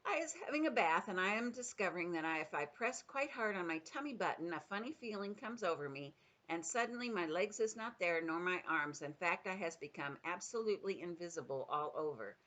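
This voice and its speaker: A woman's voice: on the low side, a little fast. Older woman reading a storybook aloud. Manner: expressive storytelling, voices the characters. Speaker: grandmother reading to children. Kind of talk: reading a children's book aloud.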